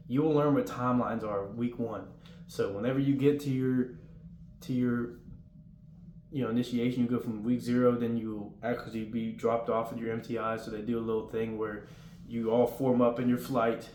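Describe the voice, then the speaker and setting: A young man giving casual, rambling advice about basic training and acting out the drill yelling now and then. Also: medium pitch. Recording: roomy with faint room noise.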